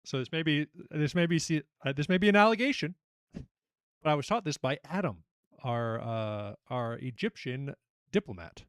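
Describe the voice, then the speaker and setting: A young man hosting a casual online trivia night, chatty and animated as he reads out questions and reacts to the players. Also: on the high side, moderate pace, no room sound, clean studio sound. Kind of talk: casual livestream quiz hosting.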